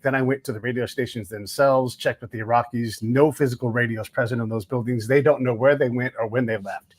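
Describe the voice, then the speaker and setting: This podcast host has a medium-pitched, fairly even voice and talks fairly quickly. In a casual interview chat, he tells stories in profane, relaxed language and acts out the people he quotes.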